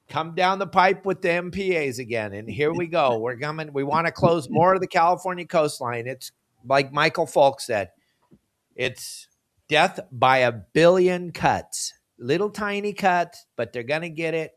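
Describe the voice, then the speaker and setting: A man's voice: on the high side, animated, normal speed, a bit bright. A man hosting a fishing podcast, ranting with heated, emphatic passion.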